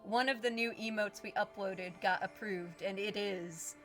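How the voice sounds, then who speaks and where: A woman's voice: medium pitch, fairly even intonation, unhurried, fairly bright tone, soft background music. A woman hosting a live game stream, chatting casually with viewers, laughing often, and explaining the game as she goes. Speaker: streamer host. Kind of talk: casual live-stream chat while gaming.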